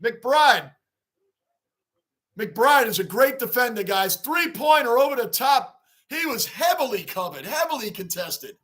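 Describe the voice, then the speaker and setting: A high-voiced man hosts a live sports stream, reacting casually alongside chat at an unhurried pace. He's excitable, shouting at big plays and reading chat names aloud.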